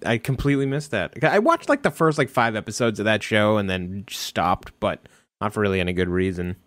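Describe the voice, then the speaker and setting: A man's voice: on the low side, expressive, brisk, fairly bright tone, no echo. A man co-hosting a podcast, giving blunt, opinionated takes on a TV show. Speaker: podcast co-host. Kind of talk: casual chat about a TV show.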